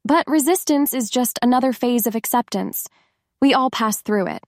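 A woman reading the lines of a calm, firm wife who speaks softly and with composure. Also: a little high, normal speed, no echo, clean studio sound, voice pushed up, natural voice. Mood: gentle firm. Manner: soft, composed and reassuring. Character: calm, firm older woman reforming her husband.

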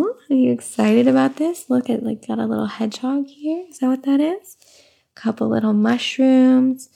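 A young mother reads a picture book to her baby in soft, cooing baby talk. Her voice is fairly high yet warm and mellow, with a gravelly edge, and she lingers over each rhyming line at an unhurried pace. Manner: soft, cooing baby talk, slow sing-song reading.

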